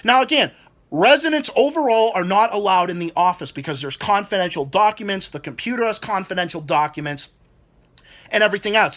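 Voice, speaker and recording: A man's voice: high-pitched, a bit bright. A man in his twenties ranting angrily about people at his job, swearing constantly and stumbling over repeated words. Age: 20s. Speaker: vlogger. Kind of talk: angry rant.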